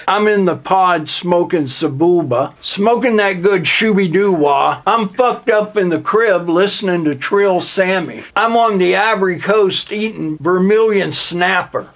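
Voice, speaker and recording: A man delivering a spoken-word comedy rap parody, boasting absurdly in a slow deadpan way. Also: sits high.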